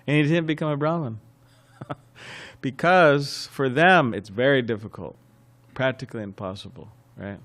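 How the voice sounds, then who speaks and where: A man giving a scriptural class as a sermon, telling anecdotes in a lively way, chuckling and often restarting phrases. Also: mid-range voice, normal speed. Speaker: temple class speaker. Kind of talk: sermon with storytelling.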